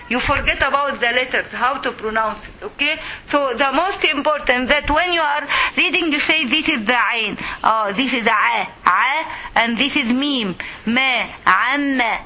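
A woman teaching a Quran recitation class, slow and patient, repeating words for her students to echo. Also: high voice, pushed and bright, slight background noise.

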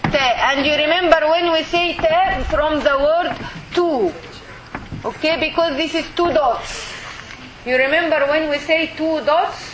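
Slow, high-voiced woman teaching a class. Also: pushed and bright, slight background noise, rough recording. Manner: slow, patient, repeats sounds for the class to copy. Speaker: Arabic teacher. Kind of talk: classroom lesson.

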